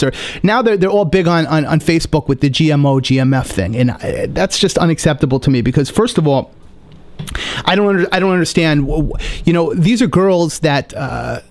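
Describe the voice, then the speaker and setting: A man hosting a podcast, doing a rambling, sarcastic comic monologue full of restarts and asides. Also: on the high side. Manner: rambling, sarcastic, self-interrupting. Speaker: podcast host.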